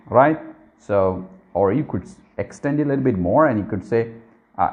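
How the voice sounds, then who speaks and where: A man's voice: lowish voice, normal speed, a little mellow, muffled recording. A man teaching everyday English phrases in a casual spoken lesson, explaining patiently and checking understanding with "okay?" His phrasing is not that of a native speaker.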